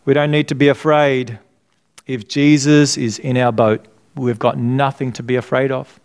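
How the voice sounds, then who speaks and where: This middle-aged pastor speaks in a mid-range voice with a flat delivery and a moderate pace, his tone clear and resonant. His sermon is earnest and conversational, and he often leaves gaps for the congregation to complete with answers to his questions.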